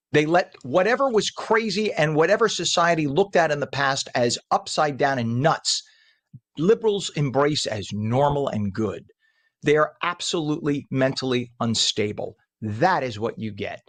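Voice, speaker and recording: A male morning show host giving opinionated news commentary, ranting with indignation and jumping up in pitch when heated. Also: animated, normal speed.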